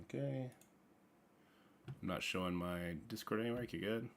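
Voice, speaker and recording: A man hosting a casual gaming livestream, rambling playfully with sudden loud bursts and mumbled asides. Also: lowish voice, moderate pace, creaky, a little hiss or hum.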